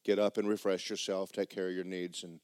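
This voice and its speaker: A polite, calm female flight attendant, voiced by a male preacher in his own register, speaks in a low, quiet tone. The sound is dry and close. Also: a little fast, clear, resonant tone, no echo, natural voice.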